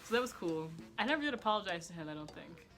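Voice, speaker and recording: A woman's voice: fairly low pitch, sing-song, fast talker, fairly bright tone. A woman telling a casual storytime to camera, chatty and full of "like" fillers, swearing freely and laughing often. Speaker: storytelling vlogger.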